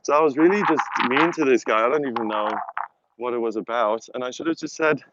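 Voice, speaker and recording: A man's voice: mid-range voice, fast, a bit bright. Chatty South African-accented man. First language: German. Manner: rambling, chatty, self-mocking. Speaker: vlogger. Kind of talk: casual live-stream chat. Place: outdoors on a hilltop. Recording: dull lo-fi phone audio with wind noise.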